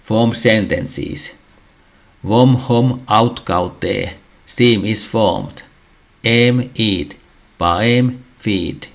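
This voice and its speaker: Male teacher, low-pitched, very slow and halting, reads lesson material aloud, frequent throat clearing. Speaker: language teacher. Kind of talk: slow reading of a language lesson.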